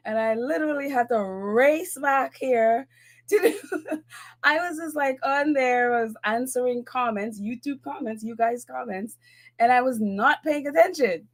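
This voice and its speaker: A woman's voice: sits high, unhurried. A woman hosting a casual live-stream show, chatty and laughing often, a little out of breath. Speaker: podcast host.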